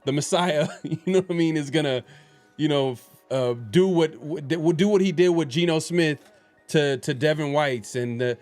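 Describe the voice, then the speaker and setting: A man's voice: a little high, moderate pace, a little mellow, soft background music. A man hosting a casual sports podcast, rambling with lots of fillers and restarts. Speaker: podcast host.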